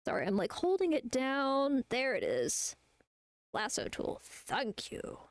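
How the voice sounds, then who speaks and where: A woman's voice: high voice, wildly swooping pitch, a little slow, dry recording. A young woman streaming as an artist, chatting casually while drawing. She rambles, laughs often and swears freely.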